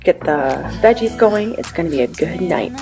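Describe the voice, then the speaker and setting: A woman's voice: lowish voice, animated, moderate pace, music in the background. A woman in her thirties chatting casually to the camera about her meals and errands, upbeat and full of fillers. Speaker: lifestyle vlogger. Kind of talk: casual what-I-eat chat to camera. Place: in a parked car.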